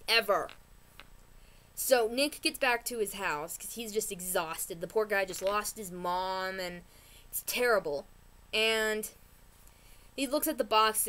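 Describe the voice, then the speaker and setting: Chatty woman ranting about a TV episode. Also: on the high side. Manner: chatty, animated, restarts sentences. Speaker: vlogger. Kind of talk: casual TV recap rant.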